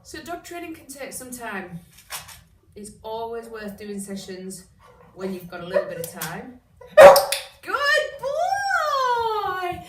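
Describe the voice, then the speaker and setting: Woman, dog trainer, casual how-to delivery, recorded from afar in a reverberant room. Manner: chatty explaining, with bursts of high excited praise to a dog. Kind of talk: casual instructional talk. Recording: roomy echo, distant mic, background noise.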